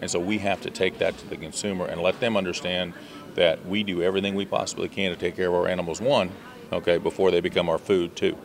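Man, American accent, very low pitch, earnest, interview answers, some restarts. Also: fairly even intonation, fast, a crowd in the background. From USA. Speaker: leader of a student agriculture tour.

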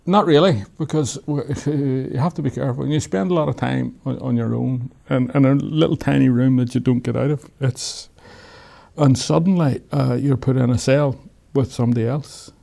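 An Irish man with a gravelly, mellow voice tells his own story in an interview. He sounds reflective and wry, and a laugh often slips into his words. His speech stays easy and unhurried, like someone thinking back as he goes. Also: mid-range voice. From Ireland. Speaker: author and interview guest.

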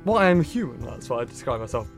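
A young man with a Northern English accent talks politics on a podcast, stopping often on fillers and restarting his sentences. Music plays clearly underneath his voice. His pitch sits in an ordinary middle range. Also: very animated, rapid-fire. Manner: hesitant, many fillers and restarts. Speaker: podcast co-host. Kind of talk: casual political chat.

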